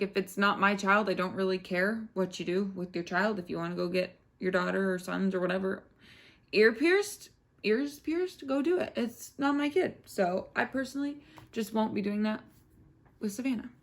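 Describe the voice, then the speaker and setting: A young woman and new mother giving her views in a casual vlog, talking frankly with many filler words. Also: mid-range voice. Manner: chatty, frank, lots of "like" fillers. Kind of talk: casual parenting chat.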